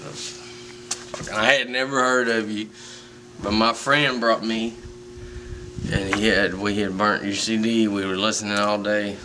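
A man's voice: on the low side, steady tone, unhurried, pauses often, sharp tone. A man playing a drunk, rambling male fan with a Southern accent, swearing and repeating himself in a comedic monologue, heard from a distance. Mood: drunken rambling. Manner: rambling, profane, repetitive. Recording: distant mic with faint background noise.

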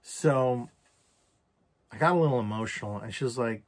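A man's voice: medium pitch, normal speed, long pauses. A man recounting a personal story for a journal vlog, candid and reflective, with casual swearing. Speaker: vlogger.

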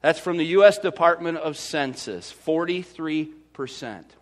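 A Midwestern American man preaching a sermon as pastor, swinging from loud to hushed. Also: a little high, unhurried.

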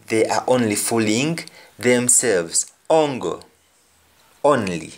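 A man's voice: mid-range voice, animated, unhurried. A man with a Jamaican accent gives a language lesson, saying each example phrase twice and then translating it. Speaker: language teacher. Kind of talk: explanatory lesson.

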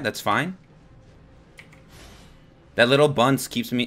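A young man giving live, excitable gameplay commentary to his chat, swearing and laughing as he plays. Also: mid-range voice, normal speed, long pauses, faint music behind. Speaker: streamer.

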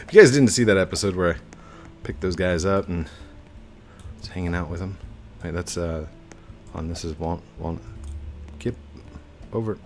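A young man giving chatty, excitable live commentary while he plays a game, breaking into baby talk with his in-game dog. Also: low-pitched, moderate pace, long pauses, faint music behind. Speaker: gaming streamer. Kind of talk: casual live gameplay commentary. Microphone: desk mic with webcam.

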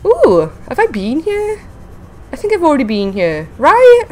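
A bubbly woman narrates her game playthrough with a high, lively voice that swoops up and down. She takes her time with the words, chatting to viewers and coaxing the sea creatures along. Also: unhurried. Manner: excitable, chatty, talks to viewers and creatures, frequent laughs. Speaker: gaming video host. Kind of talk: casual let's-play commentary.

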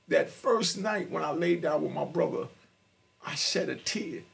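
A middle-aged man with an extremely gravelly, raspy voice tells a personal story as a podcast guest. His pitch swings lively up and down as he talks straight to his listeners in an emphatic, streetwise way.

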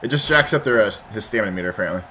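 A man's voice: on the low side, expressive, rapid-fire, bright, forceful tone. A man chats casually while he plays a video game, telling a long story. He rambles, restarts his sentences and swears freely. A faint hiss sits under his voice. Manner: rambling, profane, with frequent restarts. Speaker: let's play host. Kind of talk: casual storytelling over gameplay.

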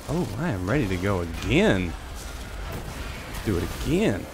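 Man, game streamer, low voice, very lively pitch, casual play-by-play, game music behind. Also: moderate pace, pauses often. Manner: animated, talks to himself and viewers, jumps into high excited yelps. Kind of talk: casual live gameplay commentary.

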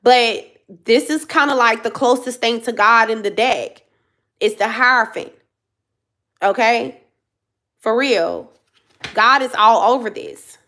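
A woman's voice: a little high, a little slow, long pauses, pushed and bright. A woman in her thirties giving a casual tarot reading, blunt and emphatic, repeating herself and swearing freely. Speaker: tarot reader.

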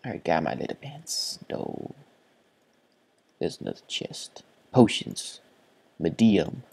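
A man with a stuffy, congested voice narrates his own gameplay in an unhurried, drawn-out way. He swings between quiet mutters to himself and sudden excited gasps. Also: low-pitched, gravelly, husky. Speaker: gaming channel host. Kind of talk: let's play commentary.

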